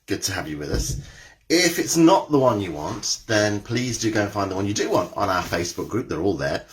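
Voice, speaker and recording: A man's voice: fairly low pitch, big pitch swings, brisk, a little hiss or hum. A cheery, chatty man hosting a live online exercise class, greeting viewers by name and reading out their comments.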